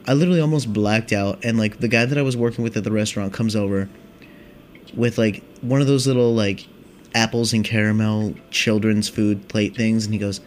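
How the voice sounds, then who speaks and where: A man's voice: fairly low pitch, fairly even intonation, a little fast, slight background noise. A young man hosting a casual podcast, rambling and swearing in a laid-back stoner monologue. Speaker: podcast host.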